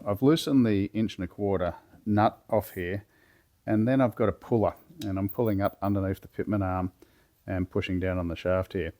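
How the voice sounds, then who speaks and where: A man with a cold and a hoarse voice, talking through a car chassis rebuild step by step in a relaxed, plain-spoken way from his home garage. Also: on the low side. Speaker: workshop builder demonstrating a chassis rebuild. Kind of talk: casual step-by-step how-to explanation.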